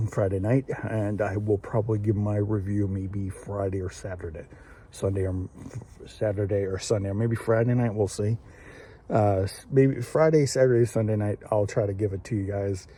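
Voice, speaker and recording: A show host reviews an anime episode in a casual solo recording, his voice on the low side with a dark tone and a breathy edge. He rambles, packing in fillers and restarting often.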